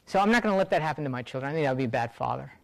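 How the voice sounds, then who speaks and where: A man's voice: medium pitch, expressive, very fast, gravelly, no echo, low-quality recording. A middle-aged man, a rural doctor, speaking earnestly to a student audience, often repeating words for emphasis.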